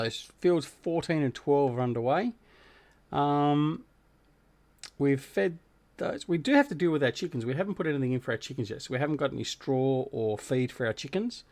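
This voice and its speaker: A man's voice: a little high, darkish tone. An Australian man chatting casually with viewers while hosting a gaming livestream, greeting people by name and joking about himself. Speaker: livestream host.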